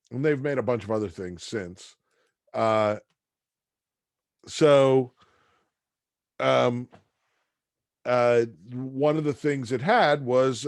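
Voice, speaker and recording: A male instructor telling a class story at an unhurried pace, stumbling over fillers and restarting his sentences as he goes. His voice sits in an ordinary middle register. It is recorded close and dry, with no room sound. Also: medium pitch, dry recording. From near Boston, USA. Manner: rambling, hesitant, lots of fillers and restarts.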